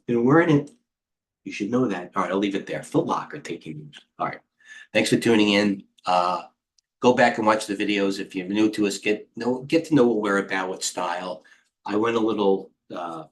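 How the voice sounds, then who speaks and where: A middle-aged man coaching traders, talking in a quick, scattered way and thinking out loud with lots of asides. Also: lowish voice. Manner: rapid, scattered thinking aloud with many asides. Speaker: trading coach and host. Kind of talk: live market commentary.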